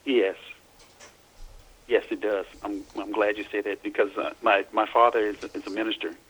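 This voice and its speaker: A man from Louisiana, an interview guest, recounting personal experiences in a halting way, often repeating and restarting words. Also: lowish voice, flat delivery, fairly bright tone, slightly rough, low-quality recording.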